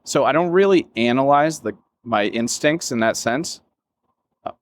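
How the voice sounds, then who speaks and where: With a mid-range, expressive voice at normal speed, this man is a business founder appearing as an interview guest. He opens up candidly and emotionally, drifting through his thoughts with heavy filler use, quotes of himself, and a bit of profanity.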